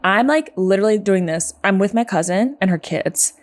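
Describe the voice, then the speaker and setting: A woman's voice: mid-range voice, animated, normal speed, dry recording. A woman co-hosting a comedy podcast, telling a story in a chatty way full of "like". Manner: chatty, peppered with "like". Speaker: podcast co-host.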